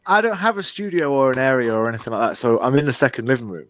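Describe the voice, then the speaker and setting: A man's voice: medium pitch, very fast, a bit bright, highs cut off. A man co-hosting a podcast over a video call from his living room, laid-back and teasing. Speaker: podcast co-host. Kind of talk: casual chat.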